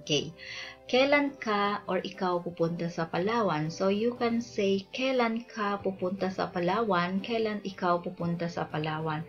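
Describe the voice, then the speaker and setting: A woman's voice: mid-range voice, moderate pace. A woman explaining grammar as a language teacher, patient and checking in with frequent "okay". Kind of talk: explaining grammar over slides. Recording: slightly dull lo-fi audio with faint background music.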